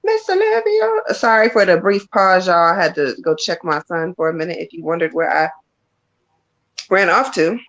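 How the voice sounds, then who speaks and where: Lowish voiced woman reading tarot on a live stream, blunt and chatty, kinda muffled lo-fi audio. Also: normal speed, fairly bright tone. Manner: frank, chatty, laughs and curses freely. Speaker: psychic reader.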